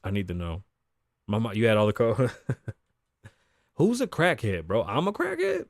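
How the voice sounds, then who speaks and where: Recorded dry and studio-clean at a home desk, this thirties-aged podcast host has a lowish voice with big pitch swings and a slightly slow pace. His casual chat rambles along, profane and punctuated by frequent laughter.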